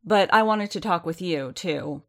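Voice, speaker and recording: A woman voicing an earnest, cheerful young gentleman in an audiobook, speaking in a hesitant, hopeful way with words tumbling out. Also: on the low side, measured pace. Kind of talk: audiobook character voice.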